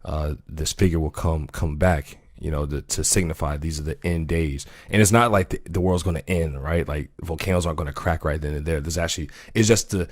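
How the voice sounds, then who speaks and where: Deep-voiced man in casual discussion. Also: a little fast, hardly any pauses, dry recording, clean studio sound. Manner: animated, interrupts to correct, trails off and restarts.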